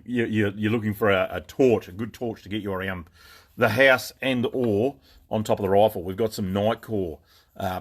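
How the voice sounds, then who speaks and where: A man's voice: fairly low pitch, husky. Laid-back Australian man, rambling. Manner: laid-back, rambling, greets viewers by name with lots of fillers. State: tired. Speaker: gun shop owner hosting a live stream. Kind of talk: casual live-stream chat. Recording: noisy background.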